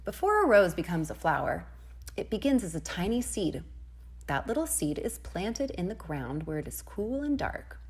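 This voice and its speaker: Reading a picture book aloud to young kids, this woman, a preschool teacher, uses a lively, up-and-down pitch and a gentle, expressive manner. Her voice turns to a quiet hush on sound effects, moves at a moderate pace, and has a slightly rough edge.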